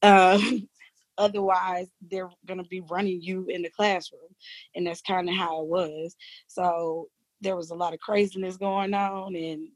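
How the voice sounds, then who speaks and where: A woman who works as a teacher, telling a story in a casual interview, animated and informal, laughing often. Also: fairly low pitch, a little slow, no room sound.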